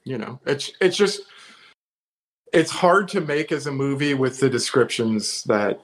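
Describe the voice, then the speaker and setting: A man co-hosting a casual horror film chat, his voice at a middle pitch. He talks hesitantly, often restarting as he gathers his thoughts. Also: measured pace, low-quality recording. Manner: hesitant, lots of fillers and restarts. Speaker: podcast co-host.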